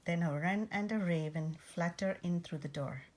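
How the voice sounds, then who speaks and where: A woman reading a rhyming picture book aloud, rhythmic and expressive. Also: on the low side, moderate pace. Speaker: storyteller.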